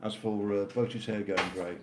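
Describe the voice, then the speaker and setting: Older man, low pitch, deadpan co-host, echoey home setup. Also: moderate pace. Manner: dry, teasing banter. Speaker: co-host of live stream. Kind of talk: casual live stream chat. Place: home in Spain. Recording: roomy with faint noise.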